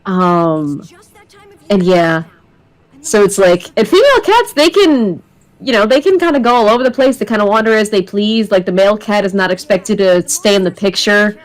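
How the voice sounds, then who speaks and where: Giggly female co-host, medium pitch, chatty casual tangents. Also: lively intonation, moderate pace. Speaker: stream co-host. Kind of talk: casual chat over a game stream.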